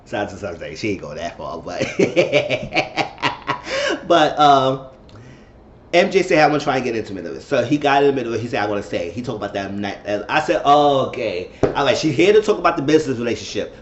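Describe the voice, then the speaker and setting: A man talking through a casual reality TV recap at a mid-range pitch, slipping into the voices of the people he quotes. The room is echoey and the sound is a little dull, with a faint noise underneath. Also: moderate pace. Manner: animated, acts out quoted dialogue. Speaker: show reviewer.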